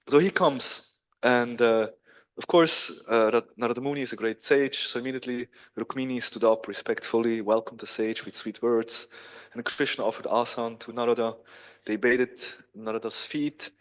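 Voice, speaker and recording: Man telling a scripture story. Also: mid-range voice. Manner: animated storytelling, clears throat. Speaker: spiritual teacher.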